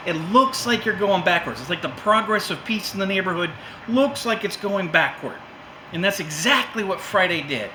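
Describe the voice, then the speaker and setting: A man's voice: sits high, background noise. A man hosting a casual monologue, rambling and lecturing with frequent profanity. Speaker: host.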